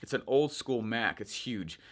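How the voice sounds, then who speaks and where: A young man coaching viewers in a chatty, energetic way, checking in with "right?" as he explains. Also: mid-range voice, measured pace. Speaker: online marketing coach. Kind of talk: casual teaching monologue.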